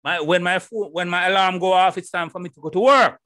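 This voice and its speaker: A middle-aged man with a Jamaican accent, hosting a solo podcast and talking straight to his listeners with loud, animated rhetorical questions. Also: high-pitched, fairly quick, no echo, clean studio sound. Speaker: podcast host. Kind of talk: casual solo podcast monologue. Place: home room in Holland. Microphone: headphones and desk mic.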